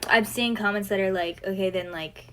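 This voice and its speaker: A young woman on a livestream who speaks haltingly, frustrated and losing her train of thought. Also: mid-range voice, fairly even intonation, pushed and bright, low-quality recording. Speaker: livestream co-host. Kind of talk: emotional livestream talk.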